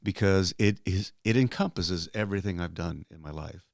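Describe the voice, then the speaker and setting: An older man, a guest entertainer, telling stories in a relaxed interview and jumping into high excited voices for the people he quotes. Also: normal speed, creaky, dry recording, clean studio sound. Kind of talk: relaxed storytelling in a podcast interview.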